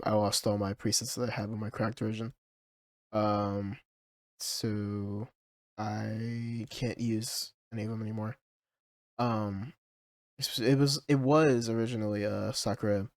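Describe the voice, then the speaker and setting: A male music producer casually talking through a song project, hesitant and full of fillers, with his track playing clearly underneath. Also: on the low side, flat delivery, takes it slowly, no room sound, studio quality. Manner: hesitant, full of ums and likes.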